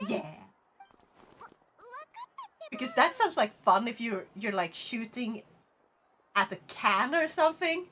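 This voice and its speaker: A woman's voice: a little high, very animated, takes it slowly, pauses often, fairly bright tone. A woman from Sweden with a Swedish accent, chatting casually on a live stream, reading viewer comments aloud and laughing often.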